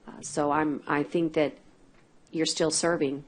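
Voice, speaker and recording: A woman chairing a county court meeting, calling votes and giving a measured tribute. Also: low-pitched, little pitch movement. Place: government meeting.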